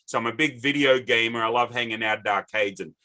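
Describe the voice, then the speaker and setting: Chatty Australian host, bright tone. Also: male voice, mid-range voice, quick pace. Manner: chatty, rambling anecdotes. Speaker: podcast host. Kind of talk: casual interview chat.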